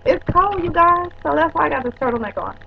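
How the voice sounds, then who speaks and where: High bright-voiced woman rambling into her webcam at home, teasing, faint hiss behind. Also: animated, a little fast, vocal fry, muffled recording. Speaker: vlogger. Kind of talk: casual webcam chat. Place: at home indoors.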